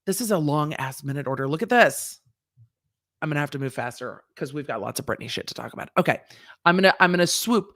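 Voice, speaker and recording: Sassy lawyer woman, animated legal chat. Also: a bass voice, fast, no echo, studio quality. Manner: animated, sassy, acts out the court's lines in quotes. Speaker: lawyer and commentary host. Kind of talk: casual legal commentary.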